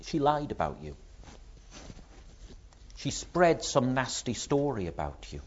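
A man preaching a sermon, acting out the voices he quotes with lively rises and drops in pitch. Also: slow pace, lo-fi sound, a little hiss or hum.

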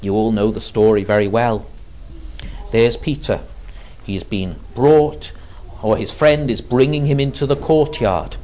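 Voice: mid-range voice, a little slow, a little mellow. A preacher giving a sermon, retelling a story in an earnest, vivid way, on a dull lo-fi recording.

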